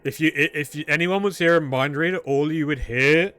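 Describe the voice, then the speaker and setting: A man's voice: fairly high pitch, fairly quick, hardly any pauses, sharp tone, clear, resonant tone, faint music behind. A man streaming a game live, chatting casually with his viewers in a joking, irreverent way.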